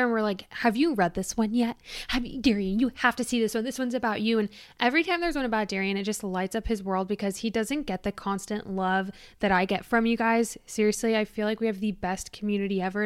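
A woman's voice: on the high side, smooth, no echo, clean studio sound. Bubbly young woman hosting a podcast. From Michigan. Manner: bubbly and gushing, with many "like"s. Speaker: podcast host. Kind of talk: casual solo podcast chat.

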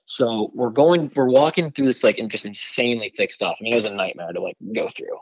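Talking fairly quickly at an ordinary pitch, a rambling Michigan man tells an extended story as a podcast guest, full of "like" and "you know." He sounds excited, and the recording is dull, lo-fi and completely dry, without room sound.

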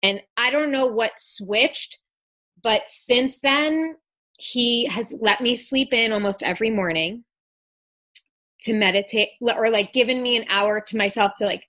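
Brief: bright, slightly high woman in her thirties, podcast co-host, candid rambling chat with swearing. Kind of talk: casual chat.

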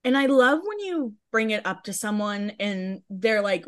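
A woman's voice: mid-range voice, expressive, normal speed, few pauses. A woman co-hosting a podcast in casual chat, talking bluntly and heatedly and swearing freely. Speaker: podcast co-host.

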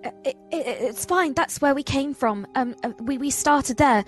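A woman with a somewhat high voice plays in a tabletop game, talking hesitantly and doubling back on her words. Faint music plays quietly behind her. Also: normal speed. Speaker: player. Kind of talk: tabletop role-play chat.

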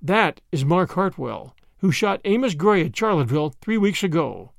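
A man voicing a grown son who speaks in a steady, matter-of-fact way. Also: high-pitched, normal speed, vocal fry, dry recording, studio quality, full character voice. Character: grown son, a plain-spoken country man.

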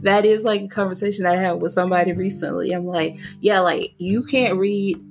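A woman's voice: on the low side, fairly even intonation, fairly quick, vocal fry, soft background music. A woman hosting a podcast, talking casually with many fillers and frequent giggles. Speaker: podcast host. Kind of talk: podcast interview.

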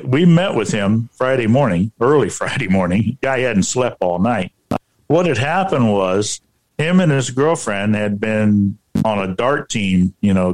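A man working as a paranormal researcher tells a personal story in a halting way, often repeating himself and filling gaps with "you know". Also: lowish voice, darkish tone.

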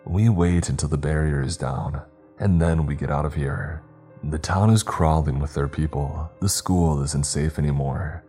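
A man's voice: very deep voice, moderate pace, warm tone, soft background music. A man playing a scornful, exasperated teenage boy who talks bluntly and curtly in an audiobook. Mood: stern. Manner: scoffing, curt.

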